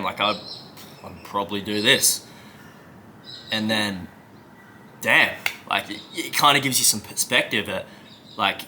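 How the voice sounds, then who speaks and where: A man's voice: fairly low pitch, sharp tone, slight background noise. A man coaching viewers in an emphatic, conversational motivational talk, often checking in with "right?". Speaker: self-help coach.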